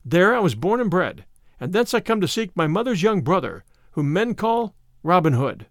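A man's voice: sits high, big pitch swings, normal speed, no echo, clean studio sound. A man reading as an earnest young strongman. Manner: quiet, earnest, polite. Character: strong, modest young male kinsman.

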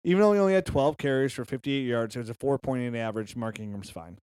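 A man co-hosting a podcast, chatting about football in a lively, joking, excitable way. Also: mid-range voice, quick pace, smooth, no echo, studio quality. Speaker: podcast co-host. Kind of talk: casual sports chat.

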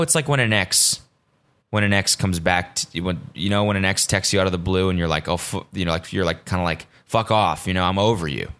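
A man hosting a solo podcast, rambling casually and swearing often, veering between excitement and deadpan asides. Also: fairly low pitch. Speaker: podcast host.

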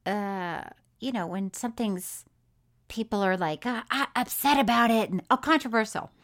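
A woman's voice: a little high, normal speed. A woman co-hosting a podcast, telling a film's story in casual chat and acting out the quotes, laughing often. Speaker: podcast co-host.

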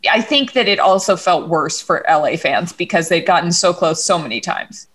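A woman co-hosting a podcast in easy, casual chat. She is wry and quick to tease, tossing in jokes between her points. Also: fairly low pitch, expressive, a bit bright, breathy edge. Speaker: podcast co-host.

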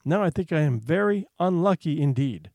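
A man's voice: fairly high pitch, expressive, a little mellow, no echo, clean studio sound. Bitter weary mother, as a man reads her. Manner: slow, bitter, sighing replies. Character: bitter, weary adult mother worried about money.

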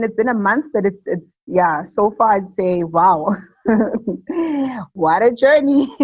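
A woman's voice: mid-range voice, no room sound. Chatty young woman with lots of fillers. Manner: rambling, many fillers, laughs often. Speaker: new mother interviewee. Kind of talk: casual interview talk. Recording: dull lo-fi sound.

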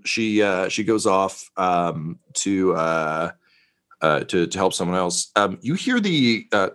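A man's voice: sits low, fairly bright tone, clean tone. A man narrating a tabletop game as game master, in a rambling, wry way with many fillers.

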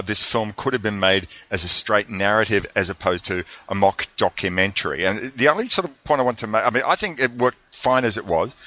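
A man hosts a film podcast, asking careful analytical questions. His voice is low and sharp. The recording is dry and slightly muffled. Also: no room sound. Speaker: podcast host. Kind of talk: film discussion. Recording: slightly dull, dry sound.

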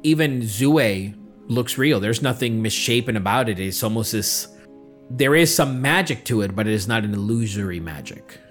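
A man serving as game master, setting scenes in a slow, dramatic way. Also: lowish voice, faint music behind. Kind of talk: narrating a tabletop game.

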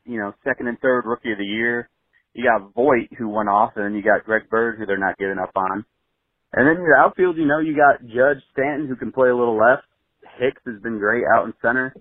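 A man's voice: mid-range voice, no echo. A man leaving a rambling, casual voicemail for a podcast, full of "you know". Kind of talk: voicemail message. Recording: tinny phone line voicemail.

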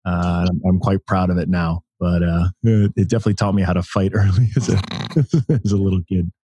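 A man's voice: low voice, fairly even intonation, fairly quick, dark tone, breathy edge, no echo. A man in his thirties from the United States, telling stories as a guest in a casual interview, enthusiastic and full of restarts. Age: 30s. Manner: storytelling, enthusiastic, many restarts. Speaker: podcast guest.

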